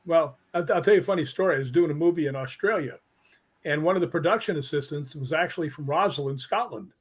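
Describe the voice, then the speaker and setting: A man telling stories as a guest on a live online show, animated and laughing as he goes. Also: a little high, fast, breathy edge. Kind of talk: casual storytelling.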